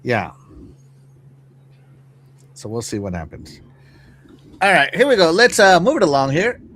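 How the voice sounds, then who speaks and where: A man's voice: on the high side, huge pitch swings, measured pace, a bit bright, a little hiss or hum. A man hosting a casual live-stream show, talking to his chat with lots of fillers and restarts. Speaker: podcast host.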